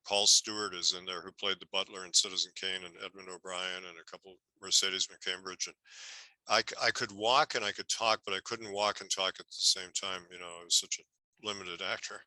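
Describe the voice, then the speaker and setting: Older male guest, lowish voice, restarts and trails off while telling stories. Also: steady tone, fairly quick, pushed and bright, no room sound, rough recording. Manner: rambling anecdotes with many restarts. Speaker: guest film historian. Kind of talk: casual interview storytelling.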